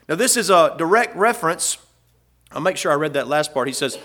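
A man's voice: a little high, animated, moderate pace, a bit bright. A man preaching a sermon in a folksy way, rising and swelling when he reads scripture aloud. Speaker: pastor.

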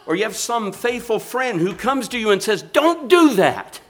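Older preacher guy, high bright voice, swings loud to soft, amen?. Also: normal speed. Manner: preaching with rising and falling intensity, calls of amen. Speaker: pastor. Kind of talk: sermon.

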